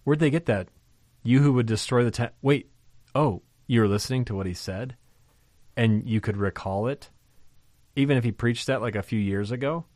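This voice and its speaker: A man teaching from a scripture passage in a conversational but emphatic way, often pausing to ask rhetorical questions. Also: medium pitch, darkish tone, no room sound, clean studio sound. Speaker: Bible teacher.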